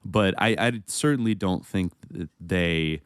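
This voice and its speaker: Deep-voiced man co-hosting a history podcast. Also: measured pace, clear, resonant tone, dry recording, clean studio sound. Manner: reads historical passages, then rambles with restarts and laughs. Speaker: podcast co-host. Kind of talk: casual history podcast chat.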